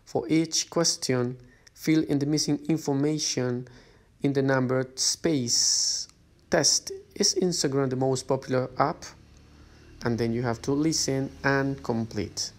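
A man's voice: medium pitch, a little mellow. A male English teacher talks through a list of workbook exercises in a plain, patient voice. He reads each instruction aloud and keeps checking in with a rising "okay?" as he moves from page to page. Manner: guides students step by step, often checks with a rising "okay?". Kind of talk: recorded lesson instructions.

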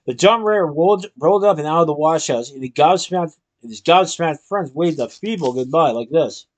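Casting: male reader, fairly high voice, storybook narration with lightly voiced characters. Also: expressive, a little fast. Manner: reads with small restarts, gives characters lightly different voices. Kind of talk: reading a children's novel aloud.

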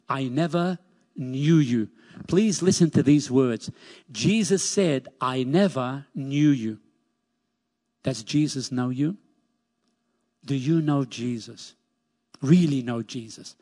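A man's voice: mid-range voice, warm tone. Emphatic male pastor in a reverberant church. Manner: emphatic preaching, repeating key phrases, rising on scripture quotes. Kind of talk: sermon. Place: church sanctuary.

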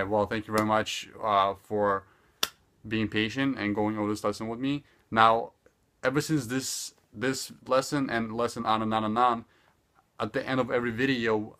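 A young man teaching a casual online language lesson, repeating phrases slowly and deliberately with loose, chatty asides. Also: on the low side. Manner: slow deliberate repetition of phrases, relaxed filler-heavy asides.

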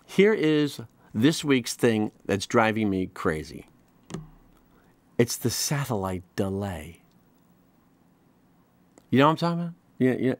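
Animated man rambling through a comic monologue. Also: medium pitch, takes it slowly, long pauses. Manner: rambling, animated, with frequent restarts and mock voices. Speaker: comedy show host.

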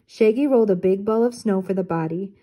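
An older woman reading a children's storybook aloud in clear, even narration. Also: mid-range voice, fairly quick, muffled recording. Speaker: storybook reader.

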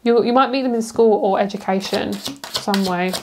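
A woman's voice: mid-range voice, normal speed, a little mellow. A young British woman giving a casual, rambling tarot reading, chatty and giggly, with many fillers. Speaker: tarot reader.

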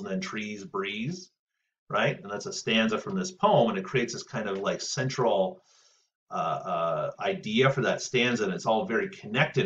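Male teacher, low voice, casual lecturing, muffled lo-fi sound from off-mic. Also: fairly bright tone. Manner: casual, frequent "right?" checks and filler pauses. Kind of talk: recorded lecture on poetry. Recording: distant, muffled lo-fi audio.

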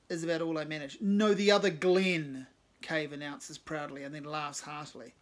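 A man's voice: on the high side, a bit bright. A man reading his own first-person short story, with wry, self-deprecating asides.

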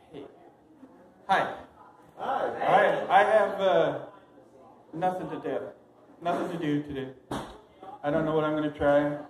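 Rambling young man doing stand-up. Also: fairly high pitch. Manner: rambling, hesitant, self-amused. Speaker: stand-up comic. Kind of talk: open mic stand-up storytelling. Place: small comedy venue. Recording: echoey room with clear noise.

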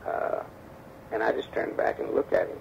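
A man telling a story from his past in an interview. He acts out the dialogue lively as he talks, on a damaged tape recording. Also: normal speed. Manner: animated storyteller acting out quoted dialogue. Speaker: interview guest, former bodyguard. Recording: dull damaged tape with faint hiss.

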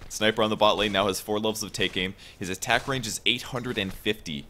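A man casting a live esports match, explaining builds and calling fights with rising excitement. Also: lowish voice, a little hiss or hum. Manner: explanatory, lifts into fast excited calls during fights. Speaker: esports play-by-play caster. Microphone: home setup over an internet voice call.

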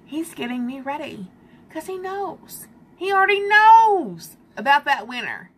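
A woman's voice: high-pitched, big pitch swings, measured pace. A woman hosting a casual live makeup stream, exasperated and laughing along.

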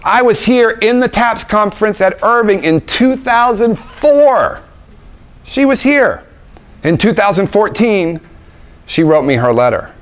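An obstetrician delivers an emphatic motivational talk to young parents in a conference room with an audience, packed with rhetorical questions and repetition. His high voice has lively intonation, and he speaks unhurriedly.

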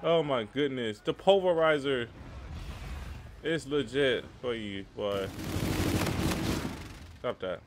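A young man giving live, slangy, excitable commentary over his own shooter gameplay. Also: medium pitch, takes it slowly, pauses often, heavy background noise. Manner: excitable, slangy, trash-talking. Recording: game gunfire behind the voice.

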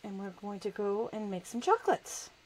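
A woman's voice: medium pitch, sing-song, moderate pace, darkish tone, poor audio. A woman hosts a live crafting lesson, talking as she works with her hands. She is chatty and self-deprecating, and she laughs often. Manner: talks while working with her hands. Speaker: crafting show host.

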